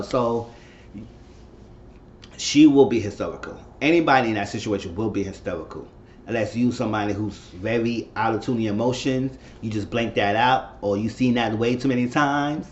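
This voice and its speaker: A man's voice: mid-range voice, a little mellow, dull audio, slight background noise. A man casually recapping and commenting on a TV episode, rambling and repeating himself as he retells it. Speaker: TV episode reviewer.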